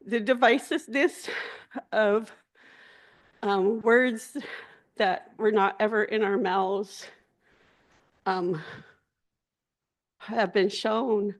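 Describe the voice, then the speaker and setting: A woman's voice: medium pitch, steady tone, extremely slow, pauses often. A woman delegate giving an unscripted, heartfelt speech at an assembly, openly emotional. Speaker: tribal delegate. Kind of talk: impassioned floor speech. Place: large assembly hall.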